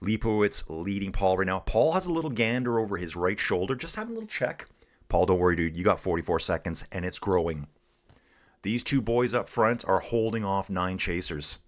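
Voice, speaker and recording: This is a middle-aged man from Canada, low-voiced and fairly quick, hosting a live cycling stream. He keeps up excited, casual chatter with viewers while covering the race.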